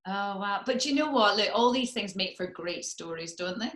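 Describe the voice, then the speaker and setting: A woman's voice: medium pitch, expressive, normal speed, fairly bright tone. A woman radio presenter running an upbeat, chatty interview, laughing often and asking eager questions. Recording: echoey room.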